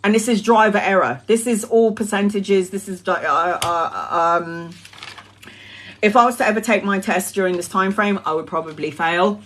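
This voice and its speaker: A woman's voice: mid-range voice, normal speed, slight background noise. Swearing, laughing woman ranting. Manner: swears freely, laughs often, animated. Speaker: tarot livestream host. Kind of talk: casual ranting storytelling.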